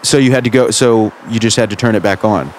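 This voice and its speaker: Dry, low-voiced man hosting. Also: brisk, slight background noise. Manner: dry, questioning straight man. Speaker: comedy radio host. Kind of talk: improvised comedy sketch.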